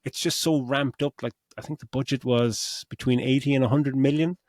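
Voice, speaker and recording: A man's voice: medium pitch, fairly even intonation, moderate pace, a little mellow, no room sound, clean studio sound. A middle-aged man co-hosting a podcast, rambling through a casual film review, swearing freely and acting out his own reactions. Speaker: podcast co-host.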